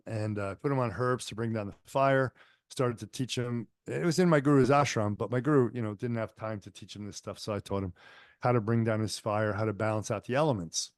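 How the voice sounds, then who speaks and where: A man's voice: on the low side, brisk, no echo, studio quality. A man teaching an online spiritual healing lecture in a conversational, story-telling way with frequent fillers. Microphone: online lecture microphone.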